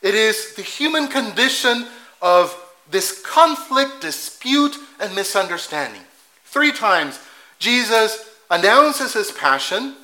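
A man's voice: high voice, big pitch swings, slow pace, bright, forceful tone, poor audio. A man preaching a sermon in a conversational way, laughing at his own asides and correcting himself as he goes.

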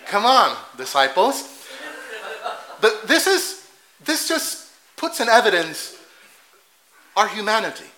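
A man's voice: high voice, sing-song, slow, pauses often, pushed and bright, rough recording. A man preaching a sermon in a conversational way, laughing at his own asides and correcting himself as he goes.

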